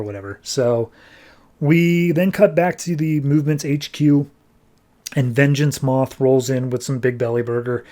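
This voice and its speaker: A man's voice: medium pitch, a little mellow. Man casually recapping a comic. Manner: loose, conversational, lots of fillers. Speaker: comics podcast host.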